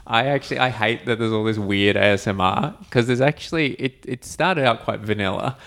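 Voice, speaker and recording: A man's voice: medium pitch, brisk, vocal fry, a bit bright. Jokey man hosting a podcast. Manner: jokey, laughs often. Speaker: podcast host. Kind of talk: casual podcast chat.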